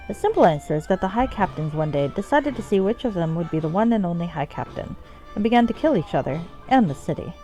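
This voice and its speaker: A woman's voice: warm tone, low-quality recording. Woman doing a sultry drawling brothel madam. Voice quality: put-on accent she calls terrible. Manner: drawls endearments with deep swoops down. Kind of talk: reading game dialogue aloud.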